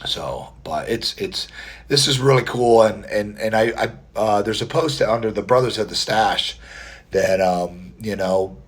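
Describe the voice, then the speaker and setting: A man with a scratchy, strained voice, chatting quietly and rambling in a casual vlog, filmed on a phone indoors. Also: lowish voice, unhurried, slightly rough. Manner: talking quietly to spare his voice; rambling, friendly, many fillers and restarts. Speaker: mustache vlogger.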